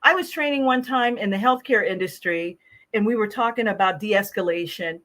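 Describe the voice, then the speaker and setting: A woman hosts a casual podcast conversation about customer service training, speaking in a lively, animated way at medium pitch and normal speed. She laughs often and acts out the phrases she quotes.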